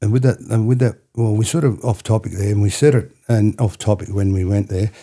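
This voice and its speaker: A man's voice: fairly low pitch, steady tone, fairly quick, warm tone. An Australian man telling stories as a podcast guest, rambling and repeating himself, often checking in with "you know what I mean". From New South Wales, Australia. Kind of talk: storytelling interview.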